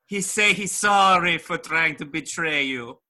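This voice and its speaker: A man's voice: fairly high pitch, unhurried, bright, forceful tone. A man playing a bumbling ghost who rambles and halts while channeling a spirit, in an improvised comedy podcast. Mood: rambling.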